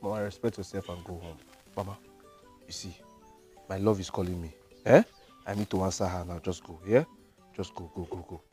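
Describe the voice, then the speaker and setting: A man's voice: low-pitched, steady tone, fairly quick, pauses often, warm tone, slightly rough, faint music behind. An actor with a Nigerian accent playing an impatient young man who dismisses his mother sharply. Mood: dismissive. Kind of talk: Nollywood village drama acting.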